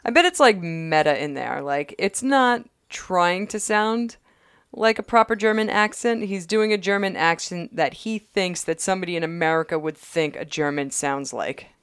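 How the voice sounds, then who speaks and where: Wry chatty woman with a smooth low voice. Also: fairly bright tone, no room sound, clean studio sound. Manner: chatty, wry, quick asides. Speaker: podcast co-host. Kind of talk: casual episode recap chat.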